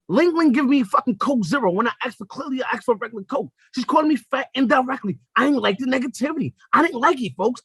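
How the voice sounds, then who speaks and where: Man, young adult, podcast host, comedic storytelling, profane, swinging pitch, dry close sound. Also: breathy edge, dry recording. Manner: animated, profane, acts out quotes in shifting voices.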